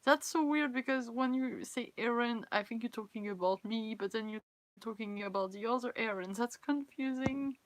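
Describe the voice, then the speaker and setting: A tired young Frenchwoman chats casually on her cosplay live stream at a moderate pace, her voice fairly high. She has a French accent and is a native French speaker. Giggling often, she reads viewers' comments aloud and runs herself down.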